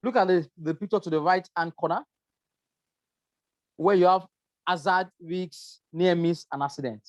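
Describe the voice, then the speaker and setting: A woman's voice: on the low side, moderate pace, a little mellow, no room sound, lo-fi sound. A woman with a Nigerian English accent giving a workplace safety lecture, explaining step by step and checking in with her listeners. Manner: repetitive, explanatory, asks "right?" often. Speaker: safety trainer. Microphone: presentation with slides.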